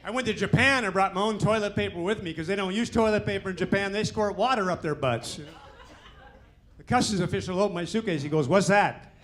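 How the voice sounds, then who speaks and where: A man with a high, lively voice works through a stand-up set on a club stage, punchy and animated, slipping into quick character bits. Audience laughter rolls in between jokes over faint room noise from the club. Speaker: stand-up comedian.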